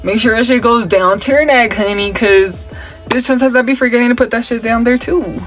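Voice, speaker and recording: A man's voice: extremely high pitch, a little fast, a bit bright, faint music behind. A young man, chatting casually through a makeup tutorial and story time, sassy and profane, mixing Spanish slang into his English. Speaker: makeup vlogger. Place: at home.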